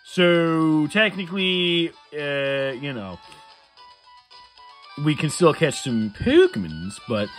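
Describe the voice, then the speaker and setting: Late at night, a tired gamer doing a Nuzlocke run gives casual let's-play commentary, rambling and often chuckling at his own jokes. His voice is a little high, slow and sing-song, with faint music behind it.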